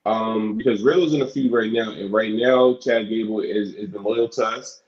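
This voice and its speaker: A man co-hosting a casual talk show, halting with many restarts. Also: on the low side, darkish tone, highs cut off. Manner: halting, many restarts, "you know what I'm saying". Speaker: podcast co-host. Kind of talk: casual chat.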